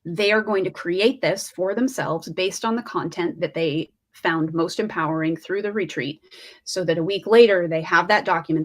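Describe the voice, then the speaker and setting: Woman panelist, lowish voice, relaxed explaining, video call. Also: normal speed. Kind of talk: live stream panel chat.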